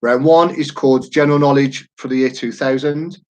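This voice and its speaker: A man's voice: medium pitch, fairly even intonation, moderate pace, a little mellow, rough recording. Man, thirties, easygoing online quiz host, rambles and jokes. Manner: chatty, jokey, rambling asides. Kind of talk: casual live-stream chat.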